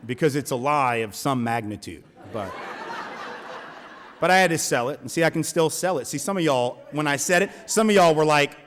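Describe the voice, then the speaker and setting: A man's voice: on the high side, expressive, normal speed, fairly bright tone, a little hiss or hum. Man telling a story in an echoey hall. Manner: conversational, many restarts and tag questions. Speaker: speaker at a college event. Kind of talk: storytelling lecture to a live audience. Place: large lecture hall.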